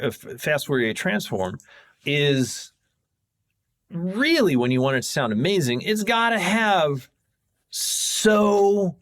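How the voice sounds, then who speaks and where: A man on a podcast as a guest sound designer, casually explaining technical ideas in a rambling, self-correcting way. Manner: rambling, self-correcting, jumps in pitch when excited.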